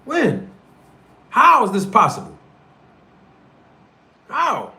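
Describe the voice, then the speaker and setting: Hosting his own livestream show, this North Philadelphia streamer rants confrontationally in street slang. He speaks extremely slowly in a high-pitched voice whose pitch swoops wildly, sounding pushed and bright throughout the heated tirade.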